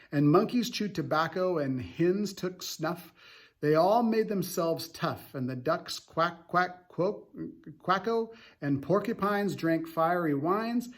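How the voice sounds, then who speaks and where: A man voicing a boastful male centipede, reading his lines in a drawn-out singsong. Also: sits high, pitched above the performer's own voice.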